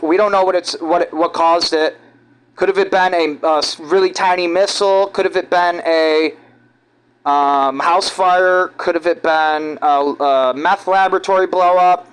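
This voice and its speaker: A man from giving rambling, halting, conspiratorial commentary over video clips. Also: high-pitched, clean tone, rough recording. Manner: halting, restarts often, conspiratorial. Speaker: vlogger.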